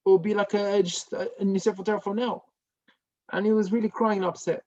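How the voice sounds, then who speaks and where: Rabbi guy telling a torah story, lively then hushed, muffled lo-fi sound. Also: high-pitched, brisk. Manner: animated storyteller who drops to a hushed tone for dramatic parts.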